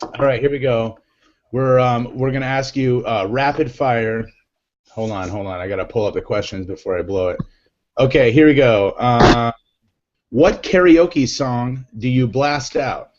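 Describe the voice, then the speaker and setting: A man's voice: medium pitch, measured pace. A man hosting a casual online show, teasing his guests in a joking way. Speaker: host. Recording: dull lo-fi audio, faint noise.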